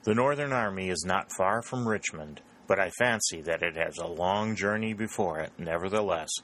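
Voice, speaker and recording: A man's voice: low-pitched, moderate pace, a bit bright, slight background noise, low-quality recording. A man voicing a proud, earnest young soldier. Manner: stiff, earnest.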